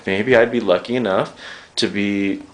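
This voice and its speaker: A man's voice: lowish voice, steady tone, unhurried. A young man interviewing a guest, rambling, joking and swearing freely as he gets emotional.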